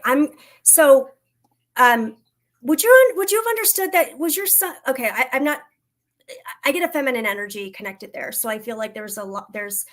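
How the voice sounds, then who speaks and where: A woman working as a psychic medium, doing a livestream reading and Q&A, talking in a soft, reassuring way with frequent pauses, fillers and restarts. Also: a little high. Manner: hesitant, halting, many fillers and restarts.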